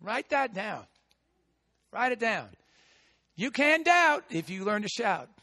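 Man, American pastor, sermon, big voice, shouts and hushed asides, bright tone, long hall reverb. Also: high-pitched, big pitch swings, slow. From United States.

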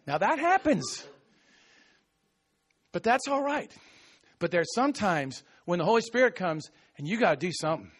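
A man preaching an animated sermon, acting out scripture quotes with sudden shouts and laughter. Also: high-pitched.

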